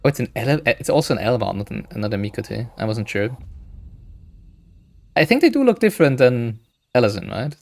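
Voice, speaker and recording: A man's voice: mid-range voice, big pitch swings, a little fast, creaky, long pauses. A man giving casual, rambling gameplay commentary, thinking aloud with frequent hesitations. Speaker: gaming streamer.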